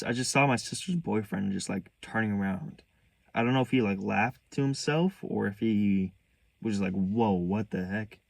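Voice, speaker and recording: A young man telling a painful personal story in a candid, halting way, restarting sentences, earnest and hurt. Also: lowish voice, gravelly, dry recording. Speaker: vlogger.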